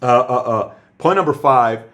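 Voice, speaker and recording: Man as host coaching entrepreneurs, emphatic, repeats himself, goes quiet and low for stories. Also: measured pace. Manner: emphatic, repeats phrases for stress. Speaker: host giving business advice. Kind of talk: motivational talk to camera.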